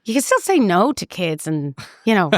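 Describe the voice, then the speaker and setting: A middle-aged Irish woman, a chef, chatting in an interview, talkative and quick with asides. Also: medium pitch, wildly swooping pitch, dry recording, clean studio sound. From Ireland. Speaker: chef and guest. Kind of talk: casual interview chat.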